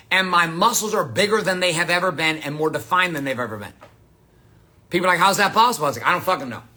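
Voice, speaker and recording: A man with a high, bright voice speaking as a motivational coach. He talks bluntly and emphatically and swears freely. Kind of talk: motivational monologue.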